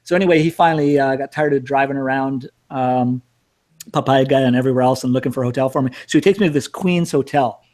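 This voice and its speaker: Fast-talking middle-aged male storyteller, casual and rambling, cursing now and then. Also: medium pitch, a little mellow. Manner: rambling, self-mocking, cursing. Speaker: storyteller host.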